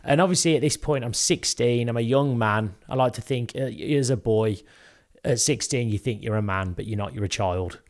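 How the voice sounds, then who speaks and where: A young British man with a mid-range voice tells a personal story at a moderate pace while co-hosting a podcast. His tone is earnest and candid in this casual chat.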